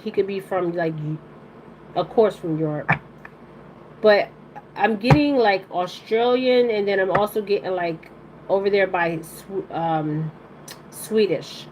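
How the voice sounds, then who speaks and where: A woman's voice: mid-range voice, a little hiss or hum, low-quality recording. A woman giving a live-streamed oracle card reading to her viewers. She rambles bluntly in casual slang and keeps checking in with "okay?".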